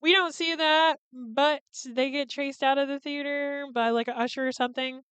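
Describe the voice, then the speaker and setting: A woman's voice: sits high, steady tone, moderate pace, fairly bright tone, no echo. A woman in her thirties hosting a podcast, chatting casually and profanely as she recaps a movie and acts out its lines. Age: 30s. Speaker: podcast host.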